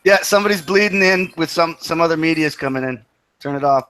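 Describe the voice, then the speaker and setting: A man's voice: on the high side, fast, sharp tone, a little hiss or hum. A man in casual chat, blunt and emphatic.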